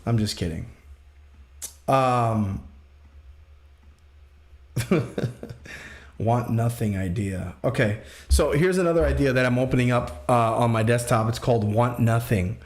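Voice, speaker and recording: A man's voice: mid-range voice, measured pace, pauses often, darkish tone. A man hosting a casual livestream as a music producer, joking and rambling in slangy talk full of fillers. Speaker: music producer streaming feedback. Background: music playing.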